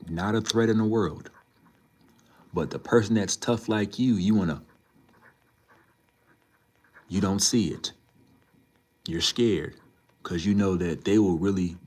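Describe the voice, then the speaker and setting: A man with a very low voice talks to his live viewers. He lectures in an emphatic way and repeats his points again and again, in a loose and casual manner. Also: a little mellow. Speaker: livestreamer. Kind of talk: casual live-stream talk to chat.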